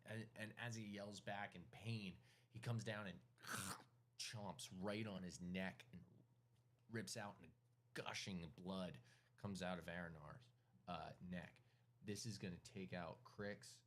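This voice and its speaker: Low-voiced man running a tabletop game. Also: steady tone, fairly bright tone, slight background noise. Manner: casual, halting, with many fillers and throat-clearing. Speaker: game master.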